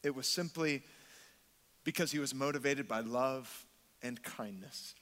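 A man's voice: medium pitch, unhurried, fairly bright tone, long reverb tail. A man preaching a sermon in a church, emphatic, repeating words and acting out quotes. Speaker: pastor.

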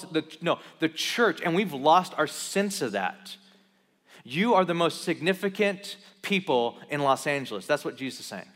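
A man's voice: fairly high pitch, a bit bright. Emphatic man preaching in a reverberant hall. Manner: conversational, emphatic, stumbles and repeats words. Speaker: pastor. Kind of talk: sermon. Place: church in Los Angeles.

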